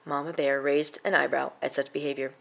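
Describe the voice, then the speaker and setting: A woman's voice: rumbling low, level tone, fairly quick, gravelly. A woman reading a children's picture book aloud, with playful sound words.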